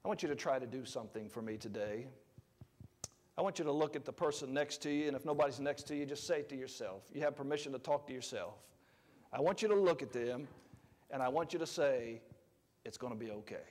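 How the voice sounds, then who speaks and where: A man preaching a sermon as pastor, conversational, swinging between loud emphatic lines and quiet asides. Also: medium pitch, fast, in a large hall. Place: church sanctuary.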